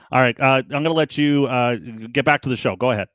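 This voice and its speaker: A man talks casually on a live stream about a new podcast. He rambles and turns earnest, and gets animated in his stories. The sound is dry and close. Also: mid-range voice, moderate pace, no room sound. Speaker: podcast co-host guest.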